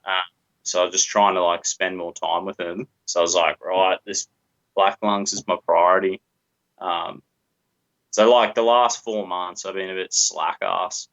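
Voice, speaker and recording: A man's voice: low voice, steady tone, unhurried, fairly bright tone, dull audio. A laid-back man, calling in as a guest and talking in slang. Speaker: call-in guest. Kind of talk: casual call.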